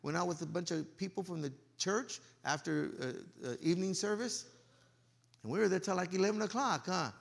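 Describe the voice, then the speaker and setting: A male pastor delivers a playful, energetic sermon, shifting between loud preaching and quiet muttered asides and dropping into everyday slang. He speaks briskly in a gravelly voice with a breathy edge.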